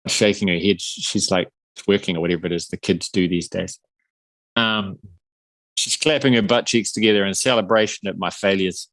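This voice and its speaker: Low-voiced sarcastic man in his forties. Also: fairly even intonation, normal speed, fairly bright tone, dry recording. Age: 40s. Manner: dry, sarcastic, self-mocking jokes. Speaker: podcast co-host. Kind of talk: casual film review chat.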